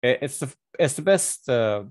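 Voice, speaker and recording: A man's voice: mid-range voice, lively intonation, normal speed, dry recording. A young man from Iran chatting casually, rambling and joking, often breaking off mid-sentence. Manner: rambling, self-interrupting, joking. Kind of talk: casual chat.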